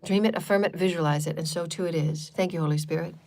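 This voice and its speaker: A woman's voice: low-pitched, steady tone, quick pace, a little mellow. A woman hosting a live channeled spiritual talk, speaking in repetitive, chant-like affirmations and loose, chatty asides. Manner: chatty and loose, with frequent fillers.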